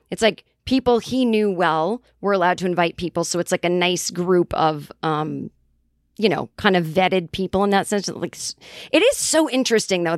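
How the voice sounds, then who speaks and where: A woman's voice: mid-range voice, no echo, studio quality. A woman from Boston, a comedian chatting casually on a podcast, rambling through tangents with plenty of swearing and fillers. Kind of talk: casual chat.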